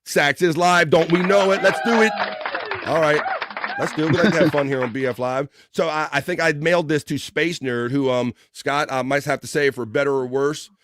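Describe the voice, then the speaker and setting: A man hosting a casual livestream, reading viewer comments aloud in a loose, joking way with bursts of excitement. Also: on the high side, normal speed. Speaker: livestream host.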